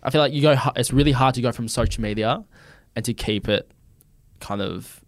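A young man from Australia, a podcast guest telling stories in casual chat with quick laughs. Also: medium pitch, no echo. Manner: fast, chatty storytelling with laughs.

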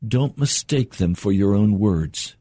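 An older man delivers a broadcast sermon with a husky, slightly breathy voice. He preaches earnestly and slows down to stress key points. The recording is dry and close. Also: on the low side, animated, mellow, dry recording. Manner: earnest, measured preaching with slow emphatic pauses.

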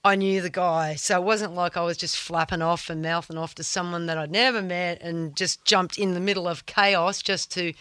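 A woman's voice: on the low side, steady tone, normal speed, few pauses, a bit bright, smooth, no echo. Blunt woman telling stories. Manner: vivid, blunt storyteller who swears freely. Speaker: guest, surfer. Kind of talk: casual podcast storytelling.

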